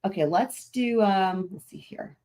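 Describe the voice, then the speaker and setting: Chatty woman with a lively, animated voice. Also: mid-range voice, unhurried. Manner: chatty, rambling, laughs often. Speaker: livestream host. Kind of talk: casual livestream chat.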